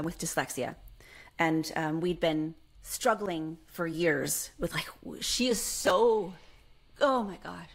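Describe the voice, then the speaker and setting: Rambling, animated woman podcast guest. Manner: rambling, digressive, quick bursts of speech; animated, expressive pitch jumps. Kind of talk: casual conversational interview.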